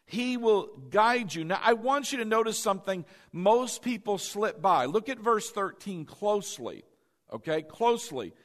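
High-voiced man preaching in a reverberant hall. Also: expressive, unhurried, fairly bright tone. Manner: emphatic, repeats key phrases, asks the congregation questions. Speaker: pastor. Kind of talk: sermon. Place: church hall with a congregation.

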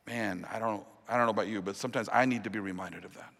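A man preaching a sermon as pastor, earnest, dropping to a hushed, slow voice on the key promises. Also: lowish voice. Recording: long reverb of a large hall.

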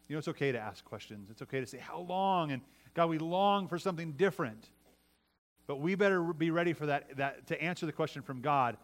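A middle-aged pastor delivers a sermon conversationally, his voice fairly high and brisk. He keeps restarting his phrases and tossing "right?" at his listeners as tag questions.

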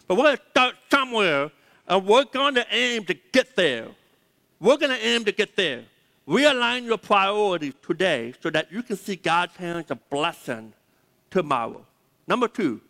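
A man's voice: high voice, sing-song, moderate pace, pushed and bright. A man preaching a sermon as pastor, emphatic, repeating key words and leading the congregation to say them aloud. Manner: leads the audience to say words aloud. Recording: long reverb of a large hall.

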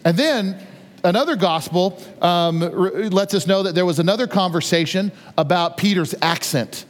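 A man's voice: sits high, moderate pace. A male pastor preaching a sermon in a conversational, storytelling way, acting out the scenes. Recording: long reverb of a large hall.

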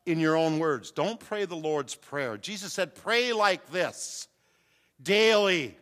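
Older guy preaching in a church, bright forceful voice, big hall echo. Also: on the high side, expressive, takes it slowly. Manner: preaching with rising fervor, calls to the congregation. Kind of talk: sermon. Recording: long hall reverb.

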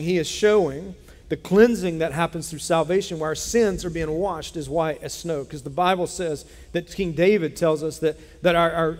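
Male pastor, sermon, lively storytelling, slightly high voice, reverberant church hall. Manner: animated storytelling, acts out Bible characters. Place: church sanctuary.

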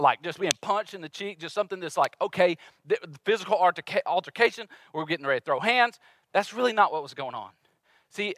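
Bright, lively-voiced male pastor preaching. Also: fairly high pitch, no echo. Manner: animated, conversational preaching with playful acted-out voices. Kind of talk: sermon.

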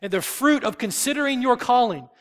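Male pastor, high voice, emphatic sermon delivery, long hall reverb. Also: expressive, fairly quick. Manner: emphatic, swells loud on key phrases then drops soft. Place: church sanctuary.

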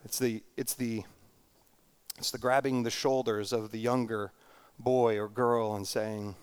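A middle-aged man, a pastor, preaching a sermon in an earnest, reflective way, slowing down for emphasis and often repeating words. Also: mid-range voice, little pitch movement, clear, resonant tone.

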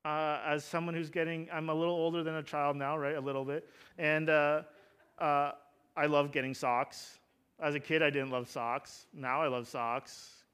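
A man's voice: a little high, flat delivery, normal speed, fairly bright tone, clean tone. A young adult man preaching a sermon, conversational, with joking asides and fervent emphasis on key points. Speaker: pastor.

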